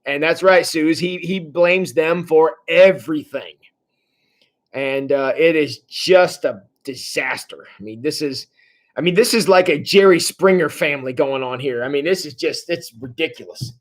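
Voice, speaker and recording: A man's voice: on the high side, moderate pace. A man leading a livestreamed church Bible study in a casual, wry way, often restarting his sentences and chuckling.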